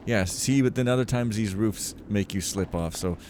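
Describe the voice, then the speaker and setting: A man's voice: on the low side, moderate pace, darkish tone, a little hiss or hum. A man giving casual, rambling commentary over a video game, cracking jokes as he plays. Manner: rambling, jokey, reads in-game letters aloud with a raised voice. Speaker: gameplay commentator. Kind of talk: casual let's-play commentary.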